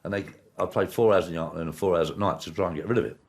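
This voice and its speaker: A man speaks bluntly about his past in a casual interview. His voice is very low and gravelly, with a husky, rough texture. He talks fast and plainly. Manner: blunt, plain-spoken, animated with gestures. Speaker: interviewee, former darts player.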